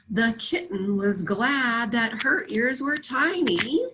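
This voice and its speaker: A woman reads a children's storybook aloud with lively, expressive delivery. Her voice sits a little high and swings widely in pitch. She takes an unhurried, gentle pace. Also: poor audio. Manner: animated, expressive. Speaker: storybook reader.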